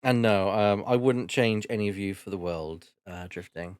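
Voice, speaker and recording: A man's voice: on the low side, moderate pace, darkish tone, smooth, dry recording, studio quality. A man hosting a casual stream chat, talking hesitantly with fillers and laughs. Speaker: streamer host.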